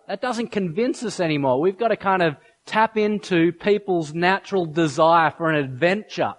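A man's voice: high-pitched, normal speed, few pauses. A man preaching a sermon to a church, telling stories and acting out quotes and sound effects. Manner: storytelling, animated, acts out quotes and sound effects. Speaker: pastor.

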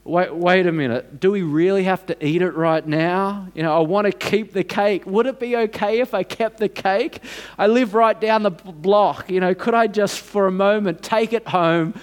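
Pleading overwhelmed woman, a man putting her on, voice pushed up higher, eager rushed questions. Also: natural voice.

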